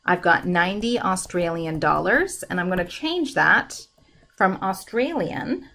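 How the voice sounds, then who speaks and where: A woman teaching a math lesson, working through problems in a steady, step-by-step way at a desk microphone. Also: lowish voice, unhurried, gravelly. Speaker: math instructor.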